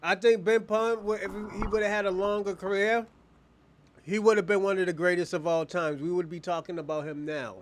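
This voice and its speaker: Guy with a high voice rambling on a stream, cusses a lot, keeps restarting his sentences. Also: fairly even intonation, a little fast. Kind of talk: casual chat.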